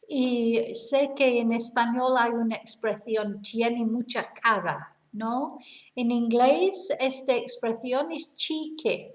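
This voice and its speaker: Female language teacher, higher-pitched, slow and deliberate, repeats examples. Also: echoey room. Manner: explains in simple words, mixes in Spanish. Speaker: English teacher. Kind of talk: language lesson.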